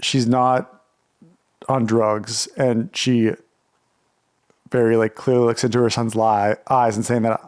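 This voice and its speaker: A man's voice: medium pitch, flat delivery, slow, pauses often, a little mellow, smooth. A man co-hosting a casual podcast chat, rambling and full of "like" and restarts. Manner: rambling, heavy use of "like", frequent restarts. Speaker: podcast co-host.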